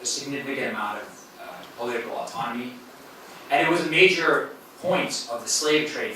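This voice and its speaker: Bright-voiced man lecturing in an echoey hall. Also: medium pitch. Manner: conversational, with many fillers and self-corrections. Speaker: university professor giving a guest lecture. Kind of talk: academic lecture. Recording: very echoey hall, voice from a distance, faint noise.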